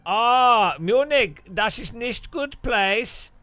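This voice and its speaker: A man voicing a gloomy German complainer with a mock German accent, speaking slowly and stiffly. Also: very high voice, animated, bright, forceful tone, no room sound, voice pushed up, heavily acted. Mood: moaning. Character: gloomy German man moaning about trains.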